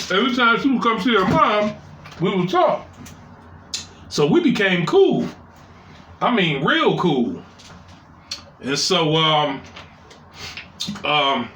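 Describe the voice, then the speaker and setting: Guy telling a dirty story time, bright voice, echoey room. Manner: loose, crude storytelling with shifting pitch.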